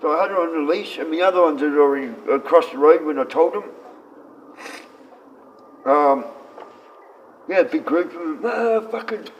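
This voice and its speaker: A man who sounds sick, rambling and swearing on a live stream, his voice often sinking low and quiet. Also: normal speed, long pauses, slight background noise. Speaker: livestreamer. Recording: dull lo-fi stream audio.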